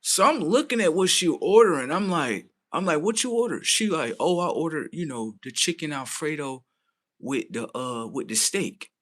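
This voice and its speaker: A livestream host rants to his viewers in a casual storytelling style, animated and incredulous, swearing freely and quoting other people in his own voice. His bright tone swings up and down in pitch at a normal speed.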